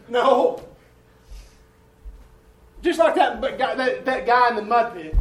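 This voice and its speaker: Guy preaching in a big echoey church, high voice, kinda far from the mic, folksy stories, goes loud then hushed. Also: normal speed, pauses often, a little hiss or hum. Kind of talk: sermon. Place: church sanctuary. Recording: echoey room heard from a distance.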